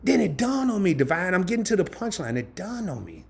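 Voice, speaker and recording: A man, hosting a casual live stream from his home and telling a story in an animated, laughing, colloquial way. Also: high voice, brisk, vocal fry, slightly rough. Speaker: host of a travel and credit card channel.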